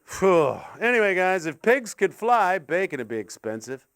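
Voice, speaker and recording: A man's voice: high voice, sing-song, normal speed, smooth. Older man doing rambling stand-up. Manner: rambling, absurd, sweary, swings from mumbling to shouting rants. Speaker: stand-up comedian. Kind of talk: stand-up comedy set. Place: live comedy gig in an art gallery.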